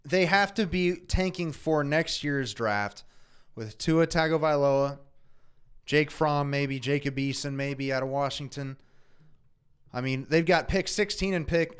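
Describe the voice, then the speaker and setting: A man co-hosting a casual fan chat show, talking through football news in a steady conversational way. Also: medium pitch, smooth. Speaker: co-host.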